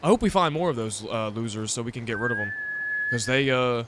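A young man giving casual, excitable commentary over his first playthrough of a video game, talking back at the game and using slang. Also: medium pitch, fairly quick, a little hiss or hum. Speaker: gamer. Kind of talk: let's play commentary.

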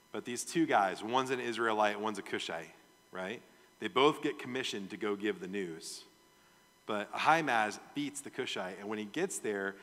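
A man's voice: lowish voice, a bit bright, long reverb tail. A male pastor teaching a verse-by-verse sermon in a conversational way, often asking his audience questions. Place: church sanctuary.

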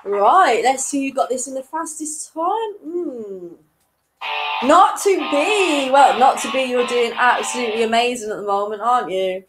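A woman's voice: fairly high pitch, lively intonation, moderate pace, over music, low-quality recording. A young woman hosting an online quiz in a chatty, casual way, chuckling between questions. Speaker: quiz host.

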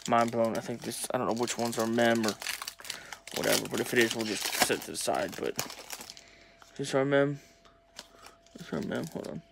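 Excitable young guy ripping card packs on camera, chatty, talks right to his viewers. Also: mid-range voice, moderate pace, vocal fry, background noise. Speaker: sports card collector opening packs. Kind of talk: casual pack-opening vlog.

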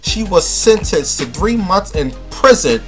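A man's voice: high-pitched, very animated, measured pace, a bit bright, soft background music. A man hosting a casual celebrity gossip vlog, talking in a sassy, flamboyant, camp way and calling his viewers honey and baby. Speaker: vlogger.

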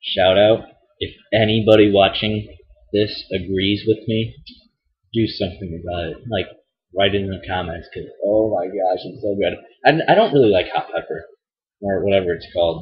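A man's voice: low voice, normal speed. A young man from Illinois giving rambling, casual commentary as he plays a video game, swearing and groaning at his mistakes. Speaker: let's play host. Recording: dull lo-fi mic.

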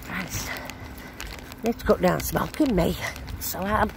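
An older woman talks in a loose, rambling way. She records on a phone as she walks outside. Clear traffic and street noise sit behind her voice. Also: lowish voice. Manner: rambling, chatty, broad dialect. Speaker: vlogger. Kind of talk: casual chat while walking. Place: outdoors on a town street.

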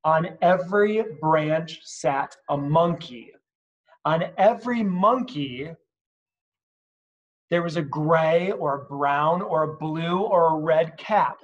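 A man's voice: a little high, takes it slowly, dull audio. A man reading a picture book aloud at story time, adding chatty asides and asking the kids questions, at home. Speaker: reader at children's story time.

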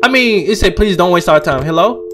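A young gaming channel host plays a horror game for his viewers in an animated voice at normal speed, with background noise present. He swings from low mumbling to loud, panicked shouts and reads on-screen text aloud during his let's play commentary.

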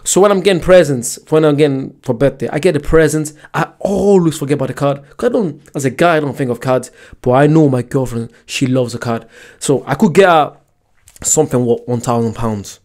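A man's voice: a little high, a little fast, darkish tone. A young man hosting a reaction video, chatting casually and rambling through a personal story with restarts. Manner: chatty, rambling, self-correcting.

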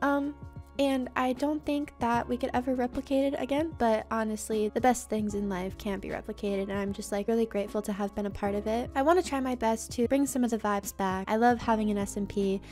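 Young woman, higher voice, casual game commentary with soft music under it; chatty, playful, pokes fun at herself. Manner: chatty, playful, self-deprecating. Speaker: Minecraft YouTuber.

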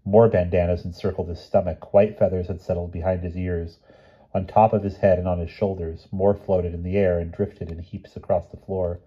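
A man reading a novel aloud as an audiobook narrator, steady, with small slips and restarts. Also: sits low, moderate pace, husky, lo-fi sound. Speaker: audiobook reader.

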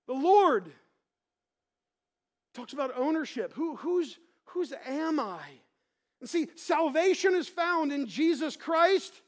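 A woman pastor giving a sermon, talking conversationally with restarts, repeating phrases and swelling into shouts. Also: sits high. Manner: conversational preaching with many restarts.

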